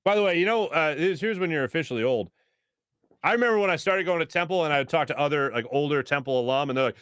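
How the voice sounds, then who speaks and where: A sports talk host in his thirties, chatting with his viewers and laughing at their comments. His voice sits a bit high for a man. It is recorded dry and close, with no room echo. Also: fast talker, a bit bright, clear, resonant tone. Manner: chatty, jokey, laughs often. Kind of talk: casual live-stream chat reading viewer comments.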